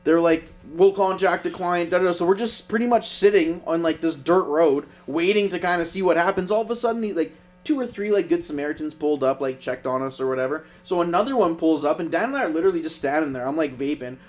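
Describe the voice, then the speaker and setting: A man's voice: a little high, fast, faint music behind. A young man, a podcast co-host, telling a profane road story in casual chat. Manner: profane, animated anecdote telling.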